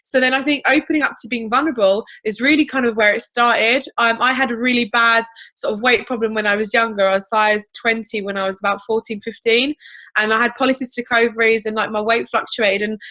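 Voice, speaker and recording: A woman telling her story on a video call, chatty and animated. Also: fairly high pitch, a little fast. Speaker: guest. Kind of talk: casual video-call interview.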